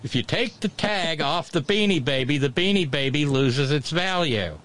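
A man's voice: fairly high pitch, lively intonation, moderate pace, fairly bright tone. Wry digressive male talk host. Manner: wry, digressive, chuckles at his own jokes. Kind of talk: casual political talk.

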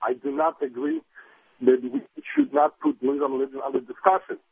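A man from Poland with a Polish accent, calling a radio show and speaking in halting, careful English. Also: high voice, big pitch swings, vocal fry, slightly rough, no room sound. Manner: halting, careful non-native phrasing. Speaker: caller. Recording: bad, tinny phone line.

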